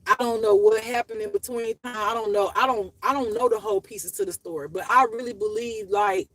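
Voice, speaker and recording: Woman, gravelly voice, profane, rambling personal storytelling. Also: on the high side, big pitch swings, fairly quick, fairly bright tone, rough recording. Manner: raw, profane, emotional, rambling. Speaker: spiritual life teacher.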